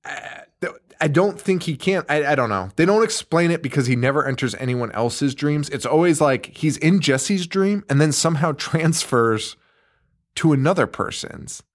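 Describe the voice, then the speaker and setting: A man's voice: fairly high pitch, expressive, moderate pace. Laughing, rambling young man. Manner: rambling, swears, laughs a lot. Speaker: podcast co-host. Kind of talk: casual chat about horror films.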